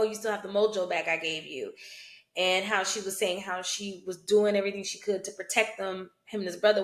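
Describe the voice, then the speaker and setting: A woman's voice: medium pitch, sharp tone, reverberant. A woman who practices root work, giving a casual spoken commentary on a film, checking in often with "you know" and "right?". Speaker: hoodoo root worker and vlogger.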